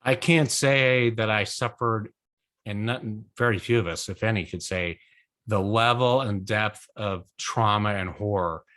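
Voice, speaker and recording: A middle-aged man, son of a survivor, answering questions in an online talk in an earnest, measured, reflective way. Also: on the low side, a bit bright. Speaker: guest speaker, son of a survivor.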